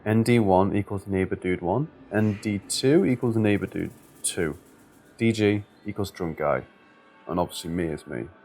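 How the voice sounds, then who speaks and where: Low-voiced man narrating scary stories. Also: normal speed, a little mellow, soft background music. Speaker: story narrator.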